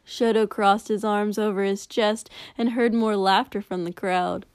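A woman narrating a story aloud in a steady, unhurried reading. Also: medium pitch, clean tone. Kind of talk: reading fan fiction aloud.

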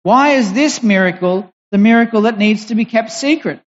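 A preacher giving a sermon in a deliberate, emphatic way, pausing and restarting as they explain. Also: medium pitch. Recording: dull recording in a reverberant hall.

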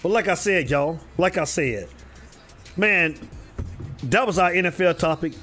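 A man's voice: fairly high pitch, lively intonation, a little slow, pushed and bright, soft background music. A man hosting a casual live stream about football, calling out viewers by name and repeating himself in a loose, drawling way. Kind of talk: casual live sports talk.

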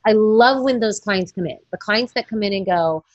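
Being interviewed about her work as a newborn photographer, a woman from New York in her forties spins animated stories, voicing the people she quotes. Her mid-range voice moves at a normal speed, captured lo-fi with no echo.

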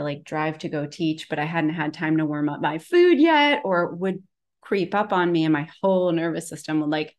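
A woman wellness practitioner talking casually and at length, rambling with lots of fillers as she tells a story. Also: sits low. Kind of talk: casual conversation.

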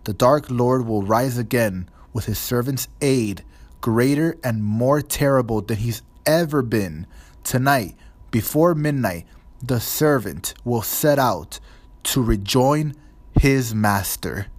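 A man voicing a female seer in a trance, speaking in a loud, harsh, slow voice quite unlike her usual one. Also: mid-range voice, dry recording, pitched above the performer's own voice. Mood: ominous.

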